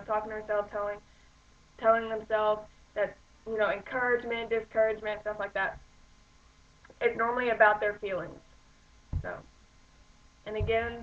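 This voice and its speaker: Rambling woman giving acting tips, lo-fi. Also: mid-range voice. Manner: rambling, full of "like" and "um". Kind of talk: casual tutorial talk to camera.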